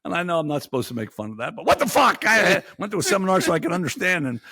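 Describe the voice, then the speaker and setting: A man hosts a profane bar-talk podcast in a rough, gravelly voice that sits a little high. His pitch leaps around as he vents crudely about everyday annoyances. The sound is dry and close, with no room echo. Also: very animated, very fast, bright, forceful tone. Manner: crude, exasperated ranting storyteller. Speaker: podcast host. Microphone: studio mic.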